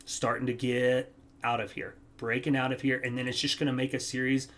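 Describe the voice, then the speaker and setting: A man casually talking viewers through stock charts, energetic and rambling, correcting himself as he goes. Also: medium pitch, a little fast. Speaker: stock trading youtuber. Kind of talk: casual chart analysis talk.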